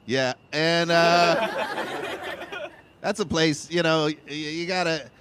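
A man's voice: a little high, steady tone, slow, smooth. A man from Kentucky doing a stand-up comedy set, wry and self-mocking, with punchy asides to the crowd. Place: comedy club stage. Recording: loud crowd laughter and room noise. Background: laughing and clapping audience.

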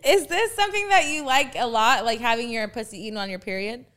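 A young woman hosting a frank, casual conversation, with a slightly high voice. She teases her guest loudly and laughs often. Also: quick pace, smooth. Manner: loud, laughing, teasing. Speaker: podcast host. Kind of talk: casual explicit chat.

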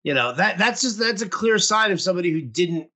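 A man's voice: high voice, animated, brisk, pushed and bright. A young man co-hosting a casual podcast chat, rambling with lots of fillers. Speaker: podcast co-host.

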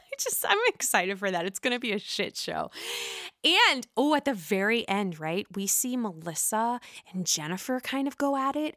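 A woman with a Pittsburgh accent hosting a casual gossip show about reality TV, excitable, gushing and swearing freely. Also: fairly high pitch, no room sound, clean studio sound. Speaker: host.

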